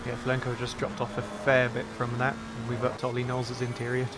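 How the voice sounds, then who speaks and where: A man co-commentating live on a sim race, relaxed and laughing as he adds short remarks. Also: medium pitch, brisk. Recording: noisy background.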